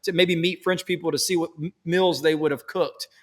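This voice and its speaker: A man's voice: on the high side, fairly even intonation, fairly quick, a bit bright, in a large hall. A man being interviewed as a podcast guest, telling his story in an enthusiastic, rambling way. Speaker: podcast guest, hotel owner. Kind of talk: casual conversational interview.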